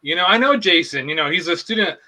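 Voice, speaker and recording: A man's voice: sits high, expressive, fast talker, sharp tone, heavily acted, poor audio. A man in an improv comedy show playing a pompous self-help guru who hosts and rambles in mock-profound phrases.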